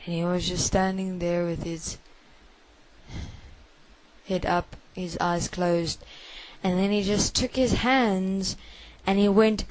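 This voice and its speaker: A woman recounts a confession in the first person. Her voice sits a little low, and she speaks very slowly. She talks in a halting, hushed way and circles back over the same phrases again and again. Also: steady tone, no room sound, rough recording. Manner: halting, hushed storytelling with many repetitions.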